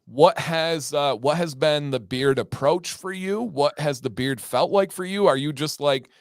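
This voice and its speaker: A man hosting a casual livestream, upbeat and animated, telling stories and laughing often. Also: fairly high pitch, a little slow, no echo, clean studio sound. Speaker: livestream host.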